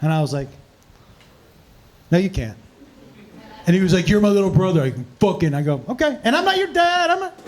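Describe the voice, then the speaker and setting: A male comedian telling profane stories at a live Q&A, animated and laughing often. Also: sits high, brisk, pauses often. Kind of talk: storytelling in a live Q&A.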